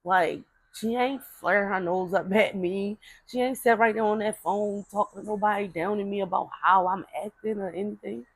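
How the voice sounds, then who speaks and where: A woman's voice: medium pitch, fairly even intonation, moderate pace, hardly any pauses, dry recording, poor audio. A woman speaking, telling a family story in casual talk, rambling with repeated words and fillers and acting out relatives' voices. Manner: acts out voices of relatives in quotes.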